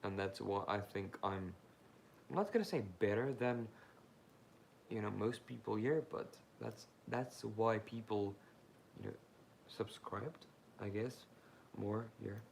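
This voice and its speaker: Gravelly-voiced man chatting live. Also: on the low side, slow pace, pauses often, a little hiss or hum. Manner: rambling and informal, with frequent fillers; talks straight to viewers, asking them questions. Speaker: YouTuber hosting a live Q&A. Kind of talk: casual livestream chat, answering viewer comments.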